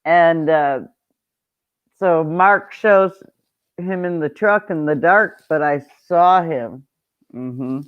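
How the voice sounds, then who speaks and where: A chatty woman hosts a casual livestream and greets her viewers by name. She talks at an unhurried, slow pace and laughs often. Her voice comes through thin and tinny, like a phone line. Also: low voice, clean tone. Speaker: livestream host.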